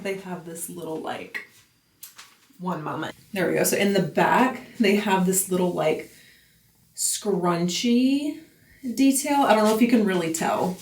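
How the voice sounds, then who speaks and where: A woman's voice: lowish voice, reverberant. A woman in her twenties chatting casually for her vlog, bubbly and full of "like" and "um", a bit out of breath at the gym. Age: 20s. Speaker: lifestyle vlogger.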